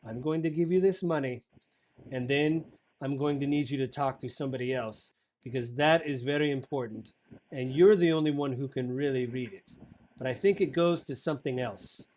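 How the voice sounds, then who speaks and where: A man's voice: mid-range voice, normal speed, darkish tone, slight background noise, lightly acted. A man voicing a flustered female shopkeeper and potion maker who stammers and keeps asking the listener to hang on.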